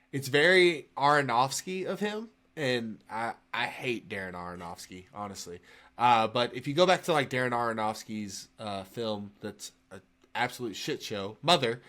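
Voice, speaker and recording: Animated bright-voiced man. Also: medium pitch. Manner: animated, laughs while retelling scenes. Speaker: podcast co-host. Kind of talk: casual movie discussion.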